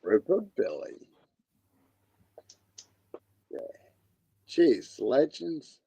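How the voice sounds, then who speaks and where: A mid-pitched man who talks slowly with a gravelly, rough texture. His voice sounds dry and close, and his manner is easygoing, with chuckles as he goes along with the banter. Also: sing-song, warm tone, no echo, muffled recording. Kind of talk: casual chat.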